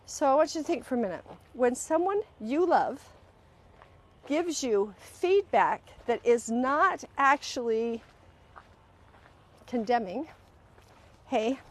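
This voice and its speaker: Streaming live from home, a high-voiced woman hosts a discussion of emotional healing. Earnest and animated, she speaks straight to her audience and performs the voices of people she quotes without breaking her sentences.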